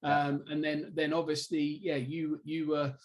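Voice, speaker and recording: A man's voice: a little high, monotone, measured pace. A man hosting a business interview show, easygoing and jokey, often restarting his sentences. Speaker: podcast host. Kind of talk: casual interview chat.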